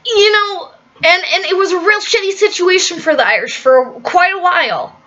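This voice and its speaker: A woman's voice: very high-pitched, pushed and bright, muffled recording. A woman ranting bluntly in an opinion vlog, swearing often and restarting her sentences. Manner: profane, blunt, fast with many restarts.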